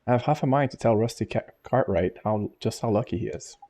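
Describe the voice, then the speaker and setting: A man's voice: mid-range voice, a little fast, mellow, close to an everyday voice. A man voicing a fussy, kindly elderly woman neighbor who gossips chattily and sympathetically, reading game dialogue aloud. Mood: gossipy.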